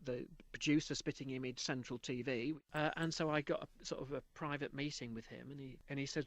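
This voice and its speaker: A middle-aged man, a guest voice artist in a radio studio, telling anecdotes in an animated way during an interview. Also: medium pitch, quick pace, few pauses, no room sound.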